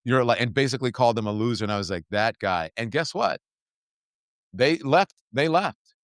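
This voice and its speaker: A man's voice: medium pitch, animated, brisk, dry recording, clean studio sound. A middle-aged man hosting a political talk show, speaking emphatically and repeating his points for stress. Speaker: host.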